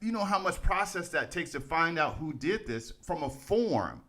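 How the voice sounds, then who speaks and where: A man's voice: fairly high pitch, sing-song, normal speed, sharp tone. A man co-hosting a casual podcast. He speaks with emphasis, repeats his points, and turns to the listeners to address them directly. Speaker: podcast co-host.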